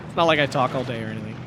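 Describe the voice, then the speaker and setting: A man casting a strategy game tournament match, excitable, laughing often and shouting at big plays, a little hoarse from talking. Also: mid-range voice, noisy background. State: losing his voice. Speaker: tournament caster.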